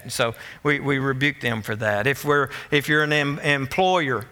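Bright-voiced excited male pastor preaching. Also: fairly high pitch, moderate pace, hardly any pauses. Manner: emphatic, rising to excited peaks, with stammered restarts. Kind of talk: sermon.

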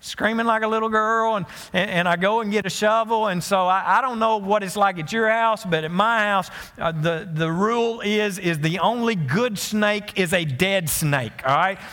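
A man's voice: high voice, moderate pace, few pauses, sharp tone, long reverb tail. A man preaching a sermon as pastor, telling stories in a folksy way with many restarts and asides to the congregation. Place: church sanctuary.

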